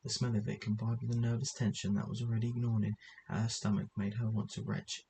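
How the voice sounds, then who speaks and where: A man's voice: on the low side, level tone, quick pace, gravelly, warm tone, a little hiss or hum, rough recording. A man reading a story aloud as narrator, often stumbling and correcting himself as he goes. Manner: reads with frequent stumbles and self-corrections.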